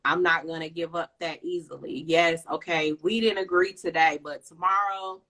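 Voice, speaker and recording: Woman host, a life coach, earnest and encouraging, lowish voice with a bright edge. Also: steady tone, normal speed, poor audio. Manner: earnest, encouraging, laughs often. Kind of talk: casual chat, giving advice.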